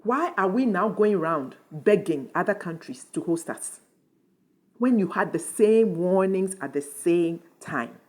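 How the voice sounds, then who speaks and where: A woman's voice: on the low side, lively intonation, unhurried. A woman hosting a commentary channel, speaking with indignant, emphatic passion. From Ghana. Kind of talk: impassioned commentary.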